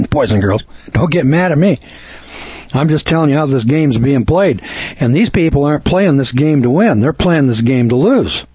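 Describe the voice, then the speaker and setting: A man with a slightly high, husky voice lectures listeners in a folksy, scolding way, acting out the people in a courtroom. The sound is dry and close, on a dull, muffled lo-fi recording. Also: a little mellow, no echo.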